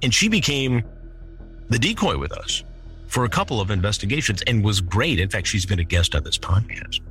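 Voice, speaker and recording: A man's voice: on the low side, sing-song, moderate pace, fairly bright tone, faint music behind. A middle-aged man hosting a true-crime podcast, reading chat logs aloud and adding incredulous, indignant commentary. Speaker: podcast host.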